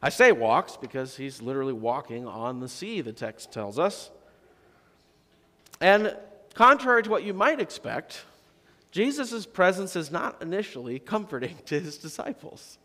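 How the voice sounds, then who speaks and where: A male pastor preaching a sermon in a conversational way, rising to emphatic questions and dropping to soft, low phrases. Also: expressive, unhurried. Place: church sanctuary. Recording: long reverb of a church sanctuary.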